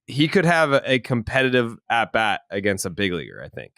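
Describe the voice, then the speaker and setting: A man from Massachusetts hosts a casual sports podcast. His pitch swings widely as he teases his co-hosts and breaks into easy laughter. The sound is close and dry, with no room in it. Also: big pitch swings, brisk, a bit bright, no room sound. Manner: teasing, laughs easily. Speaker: podcast host.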